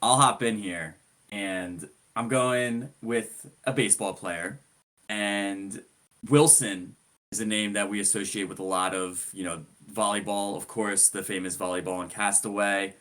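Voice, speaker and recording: A laid-back male co-host runs through a sports story, joking as he goes. His voice sits a little low, and the delivery stays easy and conversational. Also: steady tone, measured pace, a bit bright. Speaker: podcast co-host. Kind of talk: casual sports chat.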